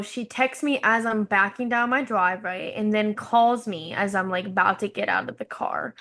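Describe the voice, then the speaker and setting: A woman's voice: fairly high pitch, fairly bright tone. Chatty woman co-host telling a story. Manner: rambling, lots of fillers and quoted dialogue. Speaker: podcast co-host. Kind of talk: casual chat, storytelling.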